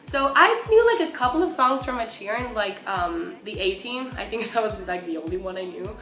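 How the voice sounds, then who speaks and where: A young woman from Mexico, excitedly telling a story as a vlogger, with lots of filler words. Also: mid-range voice, normal speed. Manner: excitable, gushing, many fillers. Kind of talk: casual storytelling. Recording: echoey room with faint music.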